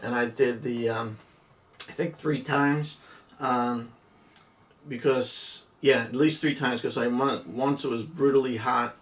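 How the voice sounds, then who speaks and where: A man's voice: medium pitch, fairly even intonation, slow pace, far from the mic. A middle-aged man from New Jersey casually telling a rambling story with many restarts and laughs. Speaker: podcast co-host.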